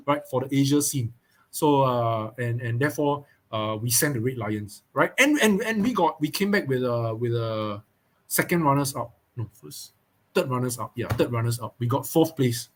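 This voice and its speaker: A man with a Singaporean English accent hosting a casual podcast preview, chatty, repeating words and checking in with listeners. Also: fairly high pitch. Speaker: host.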